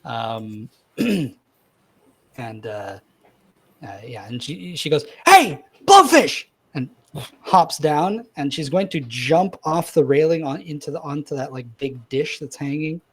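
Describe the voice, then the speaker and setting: Husky-voiced man narrating a tabletop game. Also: on the high side, unhurried. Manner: loose, filler-heavy narration. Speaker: dungeon master.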